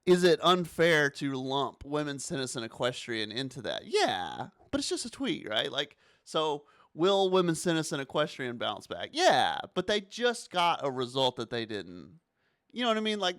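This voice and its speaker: A man hosts a casual sports talk show, his voice swinging widely in pitch as he gets exasperated and pushes toward near-shouts. The sound is close and dry, with no room around it. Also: sing-song, normal speed, no echo. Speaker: sports podcast host.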